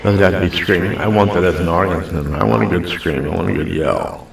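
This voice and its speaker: A man's voice: low voice, fast talker, vocal fry. A man hosting a reaction video, chatting casually in a rambling, self-deprecating way that repeats itself. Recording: very echoey room, mic at a distance.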